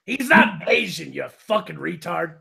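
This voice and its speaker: A man joking crudely and mockingly on a live stream, loud and full of swearing. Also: a little high, lively intonation, measured pace, vocal fry, slightly rough. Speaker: stream panelist.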